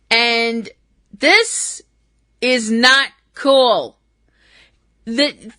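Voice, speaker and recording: A woman's voice: on the high side, sharp tone, no room sound. A woman hosting a wrestling podcast, talking casually in a blunt, sarcastic way and swearing freely. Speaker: podcast host.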